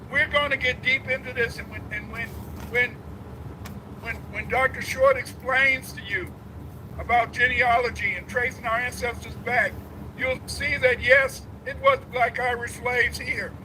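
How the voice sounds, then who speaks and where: A man giving a preachy, emphatic livestream lecture who builds to shouts. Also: very high-pitched, steady tone, unhurried, rough recording. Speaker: guest lecturer. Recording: background noise.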